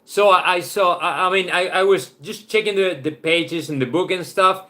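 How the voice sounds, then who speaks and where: A man's voice: high-pitched, normal speed, pushed and bright. A man from Spain with a Spanish accent, speaking English as a second language, hosts a football channel in casual live-stream chat, loose and chatty, often tagging "right?" onto his points.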